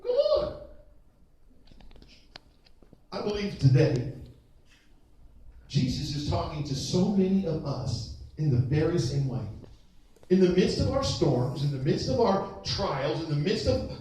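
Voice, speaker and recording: A man preaching a sermon in a dramatic style, acting out quotes and rising to shouts, in a large church hall. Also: on the high side, lively intonation, measured pace. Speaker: pastor. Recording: very echoey, distant from the mic.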